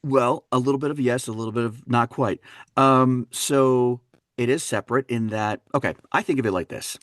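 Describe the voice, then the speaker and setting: A man, an actor and dialect coach, telling lively stories in a casual interview and acting out what others said. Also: mid-range voice, moderate pace, no echo, studio quality. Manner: animated storyteller, acts out quotes, laughs often. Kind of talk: conversational interview.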